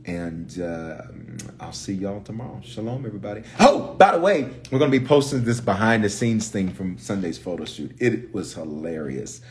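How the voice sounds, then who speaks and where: A low-pitched man talks casually as a pastor on a livestream. He reads viewer comments aloud with energetic warmth. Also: moderate pace, slight background noise.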